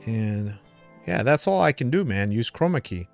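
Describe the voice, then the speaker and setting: A man's voice: medium pitch, big pitch swings, normal speed, vocal fry, soft background music. A man hosting a crypto livestream in a casual, rambling way, a little tipsy from drinking, calling his viewers brother and man.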